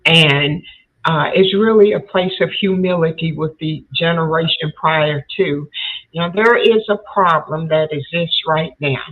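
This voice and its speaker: Slow, earnest woman host on a tinny line. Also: deep voice. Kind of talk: reflective interview talk.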